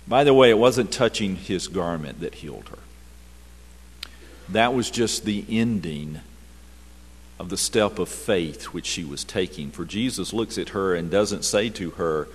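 A man preaching a sermon, moving from loud emphatic scripture reading down to hushed, near-whispered passages. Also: lowish voice, animated, slow, in a large hall. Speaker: pastor.

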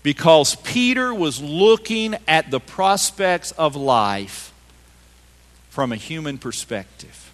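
Dynamic preacher in a reverberant sanctuary. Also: male voice, a little high, very animated, takes it slowly. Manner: emphatic, swinging between loud and hushed. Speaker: pastor. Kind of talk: sermon. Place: church sanctuary.

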